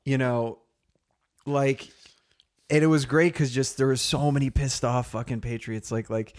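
A man in casual conversation, telling stories in a profane, animated way and mimicking other people's voices. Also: mid-range voice, a little slow. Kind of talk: casual chat.

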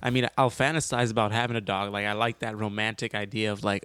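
A man's voice: lowish voice, flat delivery, quick pace, few pauses, fairly bright tone, clean tone, dry recording, studio quality. A young man in casual chat who rambles, restarts his sentences, laughs often and swears.

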